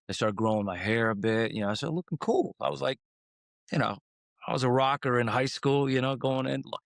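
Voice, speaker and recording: Animated man telling stories. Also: no echo, studio quality. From Croatia. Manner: animated, rambling, acts out quotes with swings in pitch. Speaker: guest singer. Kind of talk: casual interview storytelling.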